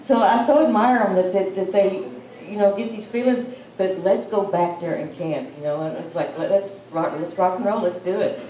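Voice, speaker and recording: A woman's voice: medium pitch, normal speed, warm tone. An eager woman jumps in to add to the story, stumbling over repeated words. She sounds far from the mic in a roomy hall with faint hiss behind her. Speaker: symposium speaker. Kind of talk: adding to a shared story.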